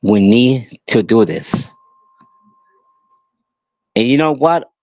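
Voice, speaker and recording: A man's voice: medium pitch, animated, slow pace, a little mellow, dry recording. A man hosting a podcast, delivering an angry, emphatic monologue that pleads with listeners and repeats itself. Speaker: podcast host. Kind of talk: impassioned monologue.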